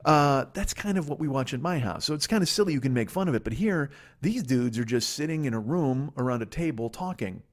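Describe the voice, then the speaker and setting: A male comedian rambles through a solo podcast monologue at a rapid clip. He is profane and sardonic, and his pitch sits in a middling range. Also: lively intonation, a little mellow. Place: guest room in a friend's house.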